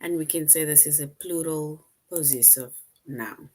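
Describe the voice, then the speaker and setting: Slow, patient woman teaching grammar. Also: deep voice, a little mellow. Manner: slow, patient, reads sentences aloud then quizzes. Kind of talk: online grammar lesson.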